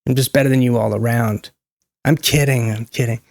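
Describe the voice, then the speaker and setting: A man with a gravelly edge talks in a casual, unscripted monologue, wandering off track, joking and catching himself mid-sentence. His voice sits at an ordinary middle pitch. The sound is dry and close, with no room echo. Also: steady tone, a little fast, darkish tone. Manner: rambling, self-interrupting, joking asides. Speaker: channel host.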